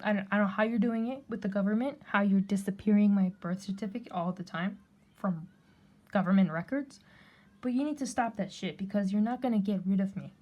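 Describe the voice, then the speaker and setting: A woman's voice: mid-range voice, a little fast, darkish tone, muffled recording. Woman, vlogger, storytelling rant, blunt, swears a lot, heated.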